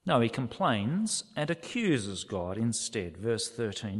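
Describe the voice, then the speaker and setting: Male preacher, expressive scripture reading, lively pitch, long church-hall reverb. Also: takes it slowly, hardly any pauses. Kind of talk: sermon.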